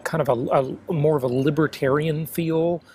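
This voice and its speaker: An American man hosting a conversational interview, opinionated and animated. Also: a little high, moderate pace, slight background noise. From United States. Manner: opinionated, animated, laughs often. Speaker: podcast host.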